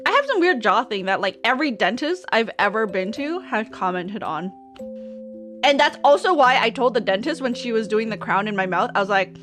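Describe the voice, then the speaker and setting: A woman's voice: fairly high pitch, lively intonation, moderate pace, over music. A woman streamer in casual chat with her viewers, talking while she eats. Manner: chatty, talks while eating.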